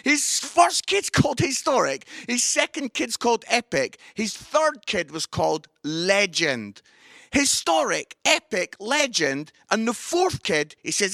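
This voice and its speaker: A middle-aged man with a Scottish accent, telling jokes and stories in an animated comic Easter talk before reading from the Bible at home. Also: high voice, a little slow, vocal fry, dry recording, studio quality. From Scotland. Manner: animated storytelling with jokes and voices. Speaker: Christian comedian and preacher.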